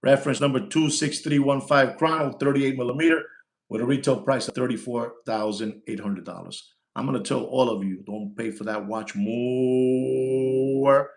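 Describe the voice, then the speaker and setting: Brash bilingual watch dealer, echoey room. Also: male voice, medium pitch, vocal fry. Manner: brash, rapid switching between English and Spanish slang; repeats lines and shouts for likes. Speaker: watch dealer hosting a live stream. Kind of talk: casual live-stream sales talk.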